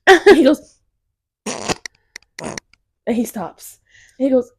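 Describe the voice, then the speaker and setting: A woman's voice: sits high, huge pitch swings, takes it slowly, pauses often. A young woman co-hosting a podcast, telling a story in casual chat and laughing often as she talks. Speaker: podcast co-host.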